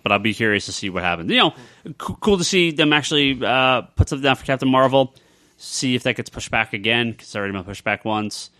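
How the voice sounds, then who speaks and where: A man's voice: mid-range voice, animated, fast, sharp tone. A man hosting a casual roundtable podcast, rambling with many ums and likes. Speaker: podcast host.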